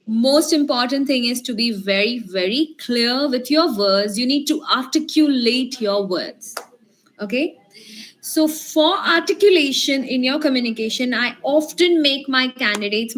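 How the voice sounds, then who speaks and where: A woman's voice: high-pitched, a bit bright. A woman leading an online workshop, encouraging the group and asking them questions. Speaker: communication skills trainer. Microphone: video call.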